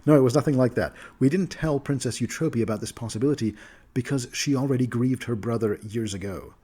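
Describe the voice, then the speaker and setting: A man's voice: medium pitch, quick pace, dark tone, slightly rough, lightly acted. A man voicing an earnest noble diplomat.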